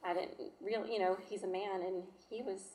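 A woman in her thirties, a mother telling her personal story in an emotional, halting, heartfelt way. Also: mid-range voice, steady tone, mellow. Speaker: mother sharing her testimony. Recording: roomy echo.

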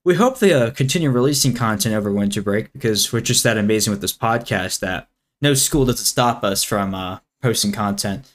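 A man's voice: fairly low pitch, animated, fairly quick. A teenage boy hosting a school podcast in casual chat, easygoing and laughing often. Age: teens. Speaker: podcast host.

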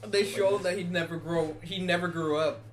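Animated young co-host, sweary. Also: mid-range voice, moderate pace. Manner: animated storyteller, swears often, laughs a lot. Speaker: podcast co-host. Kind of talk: casual chat.

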